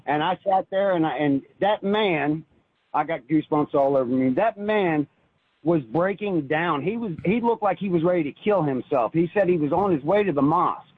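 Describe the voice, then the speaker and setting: Man caller, earnest, halting, husky voice, tinny phone line. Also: fairly high pitch, no echo. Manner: earnest, halting, with many restarts. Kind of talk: telling a personal story.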